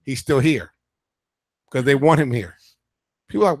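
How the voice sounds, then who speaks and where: A man's voice: mid-range voice, lively intonation, moderate pace, dry recording. Heated, profane man ranting, dry sound. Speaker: radio show host. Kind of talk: casual political rant.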